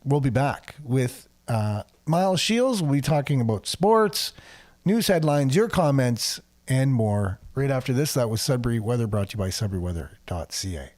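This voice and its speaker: A man on local talk radio reads the weather in a loose, conversational way, with plenty of "uh"s and dry sarcastic asides. His voice sits at an ordinary middle pitch for a man. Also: very animated, moderate pace, darkish tone. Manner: chatty, sarcastic asides, frequent fillers. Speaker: radio show host. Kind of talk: casual talk radio, reading a weather forecast.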